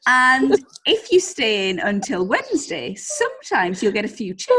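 Teasing woman, slightly husky. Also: fairly high pitch, huge pitch swings, a bit bright, rough recording. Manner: teasing, quick witty interjections. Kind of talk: casual chat.

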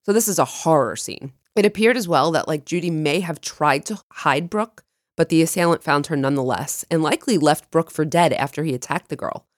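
A woman co-hosting a true crime podcast, chatting and narrating a case with lively jumps in pitch when excited. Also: brisk, no echo, studio quality. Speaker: podcast co-host.

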